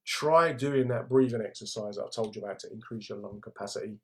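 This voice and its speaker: Speaking quickly in a lowish voice, a middle-aged London comedian runs a laid-back livestream, reading out viewer comments with laddish banter.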